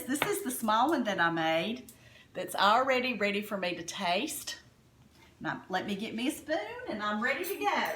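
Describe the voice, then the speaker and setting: A woman's voice: fairly high pitch, echoey room, background noise. Folksy Southern woman cooking at home. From Alabama, US South. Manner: folksy, enthusiastic, keeps addressing viewers as y'all. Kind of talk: chatty cooking demonstration. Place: home kitchen.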